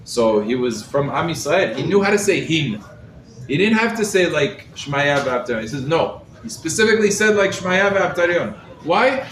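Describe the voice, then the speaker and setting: A man, a rabbi, giving a lively Torah class to a live group, quizzing his listeners and using Hebrew terms, recorded from across the room. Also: fairly high pitch, moderate pace. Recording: roomy echo, mic set far off, faint background noise.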